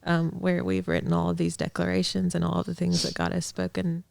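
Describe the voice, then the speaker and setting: A young adult woman sharing a heartfelt faith testimony as a guest in a conversation, earnest, with soft laughs and restarts. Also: on the low side, completely flat delivery, a little fast, vocal fry, no room sound. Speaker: podcast guest, ministry director.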